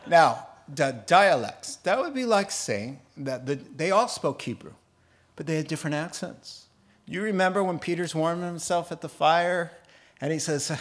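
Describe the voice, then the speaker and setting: Middle-aged male pastor, slightly high voice, lively sermon delivery with laughter and mimicry. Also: unhurried. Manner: animated, laughing, putting on funny accents for examples.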